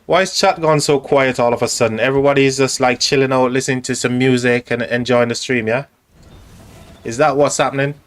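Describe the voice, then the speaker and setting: A man's voice: medium pitch, fairly even intonation, brisk. A man hosting a casual live stream, chatting loosely with viewers and commenting on a strategy game, with lots of fillers and restarts. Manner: chatty, rambling, talks directly to chat with many fillers.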